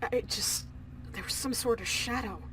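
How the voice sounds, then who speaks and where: A man voicing a nervous young girl who insists she saw something, in a high squeaky put-on voice. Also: moderate pace, sharp tone, slight background noise. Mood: insistent.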